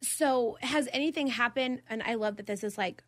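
A woman's voice: fairly high pitch, normal speed, a bit bright, slight background noise. A woman in her twenties hosting a talk show, blunt and opinionated, laughing often. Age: 20s. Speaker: podcast host. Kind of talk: casual debate chat.

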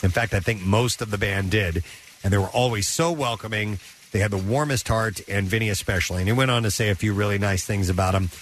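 A man's voice: lowish voice, quick pace, fairly bright tone, a little hiss or hum. A man presenting music news on a morning radio show, reading items with stumbles and banter with co-hosts.

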